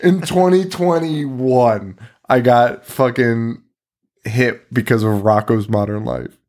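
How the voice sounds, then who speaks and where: A man's voice: mid-range voice, takes it slowly, a little mellow. A man co-hosting a horror podcast in casual chat, tired and rambling, swearing often and laughing between sentences. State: tired, yawning. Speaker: podcast co-host.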